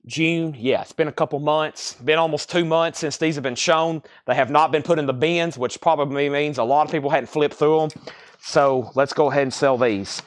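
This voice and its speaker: A man hosting a live record sale stream, briskly calling out titles and prices, slightly out of breath. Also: a little high, dry recording, studio quality. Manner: brisk auctioneer-style patter, calling out prices.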